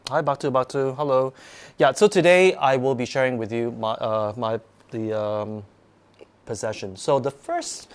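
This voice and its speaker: A man's voice: mid-range voice, smooth. A man hosting a live stream, telling his own ghost stories in a rambling way, full of restarts and sudden bursts of acting out.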